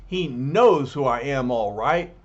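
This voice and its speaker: A man voicing a gruff, slangy, hot-tempered tough-guy hero who hollers in a comic read-aloud. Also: mid-range voice, expressive, slow pace, highs cut off. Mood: frustrated.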